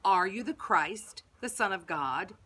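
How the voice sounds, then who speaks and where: A woman voicing a stern older male high priest who commands and shouts in outrage in a storybook reading. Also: expressive, unhurried, a little hiss or hum. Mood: commanding.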